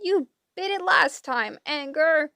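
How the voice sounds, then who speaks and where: A cantankerous blind old hag behind the wheel, played by a woman reading a storybook. She screeches and grumbles in a high, dry, close voice, dragging her words slowly. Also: gravelly, fairly bright tone, dry recording, heavily acted. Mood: cranky. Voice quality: screeching, complaining. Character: blind old gray sister, shrieking female cab driver.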